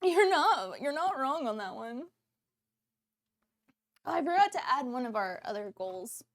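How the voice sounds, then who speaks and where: A woman's voice: high-pitched, very animated, measured pace. A woman hosting a cooking livestream, chatting casually with viewers in a bubbly way and laughing often. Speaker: cooking streamer host.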